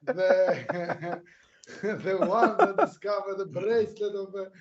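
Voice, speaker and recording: A man's voice: high voice, slow pace, lo-fi sound, a little hiss or hum. A man voicing a pompous, boastful male adventurer who proclaims his deeds in a thunderous voice.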